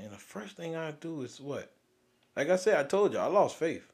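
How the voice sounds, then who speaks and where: A young man, hosting and venting about grief in a raw, profane way, swinging from loud outbursts to near-whispers. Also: a little high, very animated, moderate pace. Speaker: podcast host. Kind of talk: emotional personal venting.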